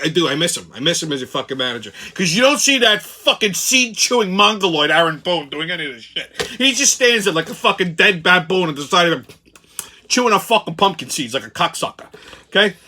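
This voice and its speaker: A man's voice: fairly high pitch, bright, forceful tone. A middle-aged man, hosting a profane sports rant in an angry, swearing tone. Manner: angry, foul-mouthed, ranting. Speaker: sports commentary host.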